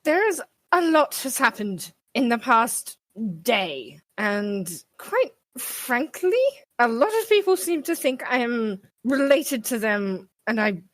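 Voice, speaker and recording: A woman's voice: fairly high pitch, very animated, slow, dry recording. A woman playing a tabletop game, speaking in character in a dry, sardonic way. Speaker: player.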